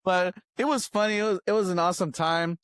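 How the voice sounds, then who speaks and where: A man's voice: high voice, fast talker, fairly bright tone, smooth, no room sound, studio quality. A young man hosting a podcast, animatedly retelling a night out, laughing often and acting out what people said. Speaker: podcast host. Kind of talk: casual storytelling chat.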